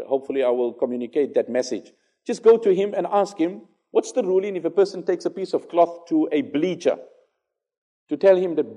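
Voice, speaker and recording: Mellow-voiced man giving a religious lecture. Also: on the high side. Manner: acts out dialogue, recites Quran quickly in Arabic; conversational, fillers, repeats phrases for emphasis. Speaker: Islamic lecturer.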